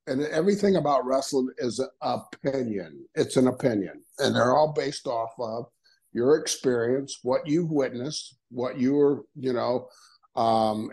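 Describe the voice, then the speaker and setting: A man in his sixties tells stories from his career as an interview guest. His voice has a husky, slightly rough edge, and he slips into other people's voices as he talks, laughing along the way. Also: medium pitch, low-quality recording. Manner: animated storyteller, acts out quoted voices, laughs often. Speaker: guest, retired wrestler. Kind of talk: storytelling interview.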